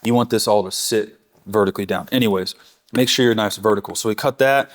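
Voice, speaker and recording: A man with a lowish, fairly quick voice runs a real-time barbecue tutorial, talking viewers through the process one step at a time. He's enthusiastic and talkative and keeps correcting himself.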